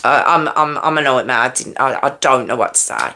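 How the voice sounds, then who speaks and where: A woman's voice: very deep voice, lively intonation, fairly quick, gravelly, bright, forceful tone, slight background noise. A woman hosting a live stream, chatting casually and self-mockingly with her viewers and laughing often, from home. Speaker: livestream host. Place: at home with a fan nearby.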